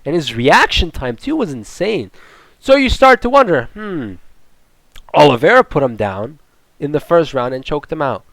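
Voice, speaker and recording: Young male fight vlogger, slightly high voice, profane rambling rant, dry close sound. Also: sing-song, normal speed, vocal fry, fairly bright tone, no room sound. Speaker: MMA commentator. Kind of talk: ranting casual commentary.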